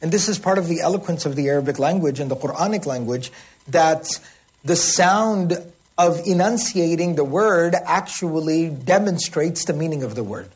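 A man's voice: fairly high pitch, lively intonation, normal speed, husky. A man teaching a religious language lesson, explaining word meanings and often checking in with his listeners. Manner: acts out calls and shouts.

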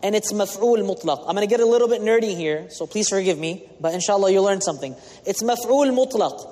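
High-voiced preacher in a reverberant hall. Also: male voice, lively intonation, fast, dark tone. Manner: explains Arabic terms with English glosses, asks the audience questions. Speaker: imam giving a talk. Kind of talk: sermon. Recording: long reverb of a large hall.

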